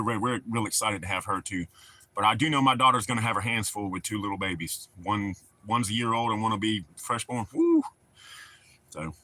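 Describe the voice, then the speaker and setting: A man's voice: lowish voice, bright, forceful tone, dry recording. A middle-aged man, chatting casually and rambling to his livestream viewers. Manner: rambling, folksy, talks to the chat. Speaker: livestream host.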